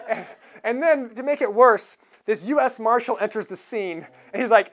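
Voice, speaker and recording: A woman's voice: on the high side, animated, normal speed. A woman giving a sermon in a conversational manner, chuckling now and then as she tells stories. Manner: conversational, chuckles while retelling a film scene. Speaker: preacher.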